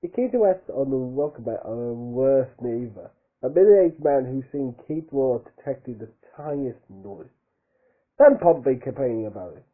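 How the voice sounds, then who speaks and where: A man's voice: mid-range voice, expressive, moderate pace. A man reading a fan book aloud in a casual way, tripping over words, rereading his slips and adding his own asides. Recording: tinny phone-like sound.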